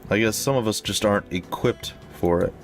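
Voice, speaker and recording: A man's voice: lowish voice, normal speed, close to an everyday voice. A man voicing a young female sword-fighting heroine who talks in a dry, sardonic way.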